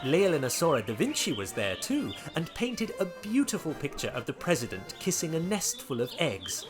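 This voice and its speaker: An Australian man from Tasmania narrating his own children's story in a gently expressive, playful way. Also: a little high, moderate pace, over music. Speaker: narrator and author.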